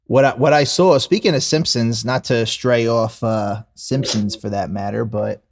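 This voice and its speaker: Podcast co-host, man, mid-pitched, crude and easygoing, stumbling restarts. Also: fairly even intonation, normal speed, creaky. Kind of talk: casual chat.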